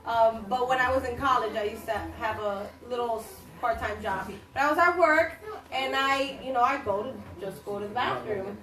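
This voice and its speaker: A woman with a very high voice tells lively stories and laughs easily while she co-hosts a casual chat. She sits well back from the mic, so her voice carries a roomy echo. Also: normal speed. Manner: animated storyteller, laughs often. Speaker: co-host. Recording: echoey room, mic far off.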